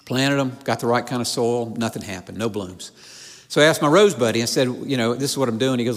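A man's voice: medium pitch, brisk. A man preaching a sermon as pastor, earnest, repeating phrases and restarting lines for emphasis. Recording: long reverb of a large hall.

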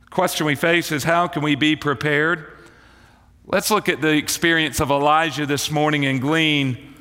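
A man preaching a morning sermon to believers, with rising emphasis and slowed dramatic phrasing. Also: on the high side, fairly bright tone, big-room sound. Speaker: pastor.

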